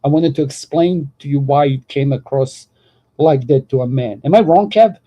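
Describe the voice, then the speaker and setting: A man's voice: mid-range voice, normal speed, dark tone, highs cut off. A man host rambling in profane casual talk, full of fillers. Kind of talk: casual group chat.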